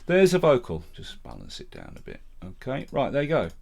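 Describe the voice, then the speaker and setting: Man with a Midlands accent, mid-pitched, talking matter-of-factly through a screen-recorded tutorial into a close studio mic. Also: huge pitch swings, fairly quick, gravelly. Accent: English Midlands. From English Midlands. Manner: step-by-step, matter-of-fact talk-through. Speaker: music production tutor. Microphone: vocal mic set up close and loud.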